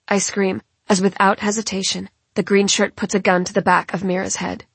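Female audiobook narrator, husky and breathy, dry close sound. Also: mid-range voice, level tone, no room sound. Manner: measured, dramatic storytelling. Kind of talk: first-person novel narration.

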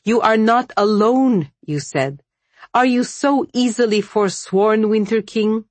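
A woman's voice: low voice, measured pace, darkish tone, breathy edge, no room sound. A woman reading the lines of a fierce, stubborn young heroine in a determined storybook voice.

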